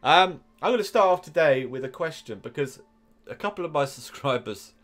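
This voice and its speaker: A man's voice: fairly high pitch, lively intonation, moderate pace, a bit bright. Chatty English man rambling over gameplay. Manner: rambling, chatty, drifting asides. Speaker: gaming YouTuber. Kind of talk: casual gameplay commentary.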